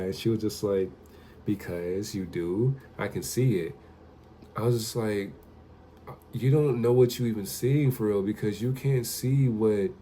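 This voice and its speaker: A man's voice: on the low side, mellow, slight background noise. A young man telling a casual, profane story straight to the camera as a vlogger. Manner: loose, profane, conversational storytelling.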